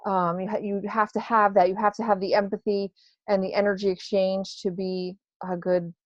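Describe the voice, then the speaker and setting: A woman's voice: medium pitch, level tone, moderate pace, no echo. A woman who works as a psychic medium, answering questions in a casual interview, hesitant and full of fillers. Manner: hesitant, many fillers and restarts. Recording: dry, dull lo-fi sound.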